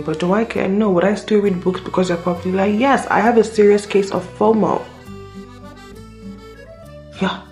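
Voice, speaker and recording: A woman's voice: deep voice, darkish tone. A woman in her twenties from Nigeria, chatting casually and self-mockingly about books on her vlog, easily sidetracked. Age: 20s. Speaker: booktuber.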